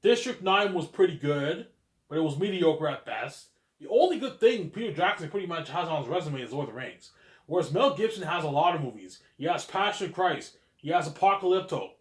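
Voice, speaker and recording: A man's voice: fairly high pitch, lively intonation, a little fast. A man giving a casual opinion monologue to his viewers, chatty and full of rhetorical questions. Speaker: vlogger. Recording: roomy echo.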